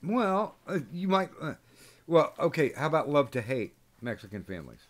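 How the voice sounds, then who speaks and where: A man's voice: a little high, sing-song, moderate pace. A man hosting a podcast in casual chat, rambling and joking with many fillers. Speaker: podcast host. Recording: noisy recording.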